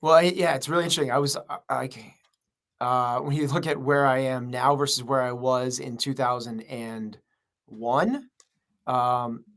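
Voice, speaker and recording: A man's voice: mid-range voice, steady tone, moderate pace, a bit bright. A man who runs a gym, speaking as a podcast interview guest in an earnest, rambling way full of fillers. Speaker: gym owner and coach.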